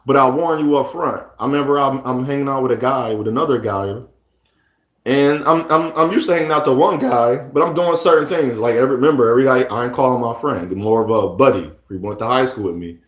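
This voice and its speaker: A man's voice: mid-range voice, a little fast, echoey room. A man talking casually in a rambling, repetitive way, often restarting his sentences. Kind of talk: casual monologue.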